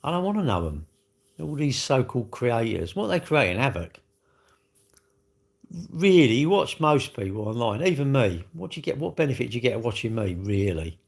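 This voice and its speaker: A British man responds to viewer comments during a relaxed livestream, rambling in an animated, slangy way. He speaks at a moderate pace in a medium, sing-song voice with some vocal fry.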